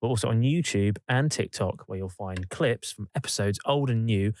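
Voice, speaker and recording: A man's voice: on the low side, moderate pace, a little mellow. A man co-hosting a podcast, casually reading out where to find the show and joking with his partner. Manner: easygoing, joking, plugs the show. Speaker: podcast co-host. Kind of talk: casual podcast outro chat.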